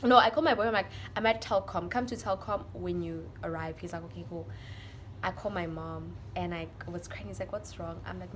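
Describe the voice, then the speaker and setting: A young woman with a South African accent tells a storytime vlog to her viewers in an emotional, animated way. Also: fairly low pitch, fairly quick, a little hiss or hum. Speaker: vlogger.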